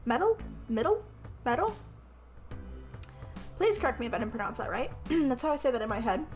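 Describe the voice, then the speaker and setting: A woman's voice: fairly high pitch, animated, rapid-fire, faint music behind. A woman streaming a tabletop-style game, reading the narration aloud, swearing often, laughing and asking how to pronounce words. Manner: swears often, laughs, questions her own pronunciation. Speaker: streamer playing a game with an AI game master.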